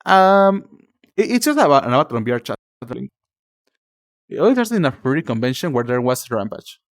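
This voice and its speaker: A young native Spanish speaker from Mexico, with a Mexican Spanish accent, livestreams and chats casually, rambling with many fillers and calling viewers darling. His medium-pitched voice swings widely in pitch and moves fairly quickly. The sound is clean studio audio without echo.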